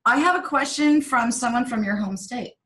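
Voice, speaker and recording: A woman's voice: on the high side, normal speed, fairly bright tone, poor audio. A woman interviewing a professor in a casual, playful, upbeat way.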